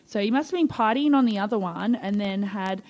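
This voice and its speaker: A woman's voice: mid-range voice, brisk, a little mellow, highs cut off. Chatty Australian woman telling stories. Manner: bubbly, chatty, swears freely. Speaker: podcast guest. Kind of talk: casual storytelling.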